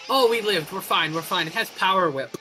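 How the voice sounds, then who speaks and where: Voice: medium pitch, fairly quick, bright, forceful tone, faint music behind, poor audio. A let's-play co-host chatting casually and reacting with upbeat energy while playing a game. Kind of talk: casual gaming chat.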